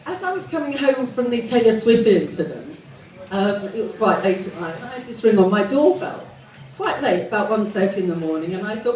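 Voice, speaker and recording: A woman's voice: mid-range voice, big pitch swings, fairly quick, a little mellow, echoey room, far from the mic, rough recording. A posh-sounding woman from England performing a self-mocking stand-up comedy set, telling stories built around punchlines. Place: live comedy venue with audience.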